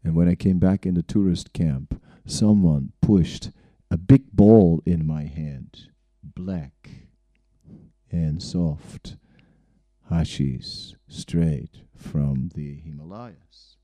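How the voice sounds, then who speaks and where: With a low-pitched, dark tone and drawn-out words, a man who doesn't speak English tells wandering stories of his own spiritual journey. He keeps chuckling and tacking on "right?" There's no room sound in the recording.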